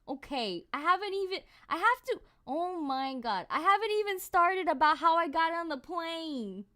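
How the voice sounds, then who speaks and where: Woman streamer, casual chat, unhurried but swoops around a lot, exclamatory. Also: high-pitched. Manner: animated, exclamatory storytelling.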